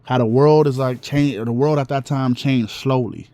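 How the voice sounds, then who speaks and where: A man's voice: mid-range voice, steady tone, normal speed, mellow, dry recording. A man vlogger talking in a casual monologue, rambling with restarts and slang.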